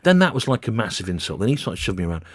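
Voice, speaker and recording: A man's voice: fairly low pitch, very animated, racing, husky, no room sound. A man, a comedian, telling a rambling anecdote in casual chat and acting out what he said. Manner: rambling storyteller, acts out what he said. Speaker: comedian guest.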